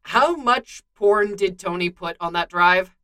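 A woman's voice: lowish voice, unhurried, pushed and bright. A woman voicing a flustered, blunt young male soldier given to exasperated outbursts.

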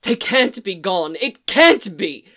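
A woman voicing a tender-hearted young male faun in a storybook reading, speaking in halting, broken-off phrases. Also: medium pitch, lively intonation. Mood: frantic.

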